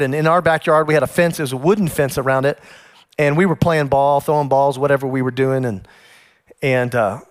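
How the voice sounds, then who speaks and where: A man who is a pastor, telling personal stories in a sermon and acting out the scenes with animated energy. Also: on the high side.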